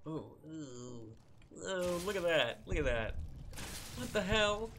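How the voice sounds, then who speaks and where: A man's voice: fairly high pitch, sing-song, takes it slowly, noisy background. A young man giving casual, rambling commentary while streaming a modded game, laughing often, swearing and yelping when startled. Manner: rambling and self-deprecating, laughs often, swears, yelps at scares.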